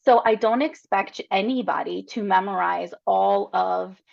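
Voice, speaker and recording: A woman's voice: mid-range voice, measured pace, vocal fry, a little mellow. A woman in her thirties presenting a reading-instruction webinar in a chatty, encouraging way. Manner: chatty and encouraging, tags statements with "right?". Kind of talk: casual webinar teaching. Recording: slightly dull lo-fi webinar audio.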